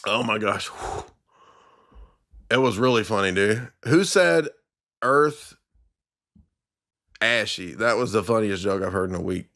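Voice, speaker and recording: A man's voice: fairly low pitch, a little slow, long pauses. A man hosting a live stream, casually chatting to his viewers and laughing so hard he gasps for breath. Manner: laughing uncontrollably, gasping for breath; animated, addresses chat as y'all. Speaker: live stream host reacting to clips.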